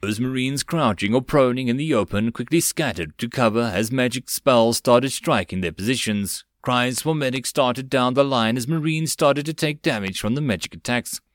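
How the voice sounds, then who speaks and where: Male audiobook narrator, steady storytelling, dry close recording. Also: medium pitch, normal speed, few pauses, no echo. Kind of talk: web novel audiobook reading.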